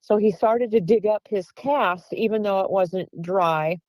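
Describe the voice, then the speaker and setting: A woman's voice: mid-range voice, a little slow, a little mellow, no echo, poor audio. A woman guest earnestly telling a long encounter story, acting out the quoted voices of the people in it. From Pennsylvania. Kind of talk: recounting an encounter.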